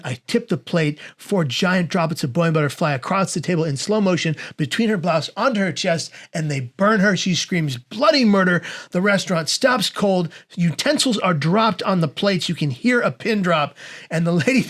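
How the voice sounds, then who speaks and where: A man in his forties telling a comic story as a guest, animated and acting out the voices of the people in it. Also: fairly quick. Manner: animated, acts out quoted voices with big pitch swings.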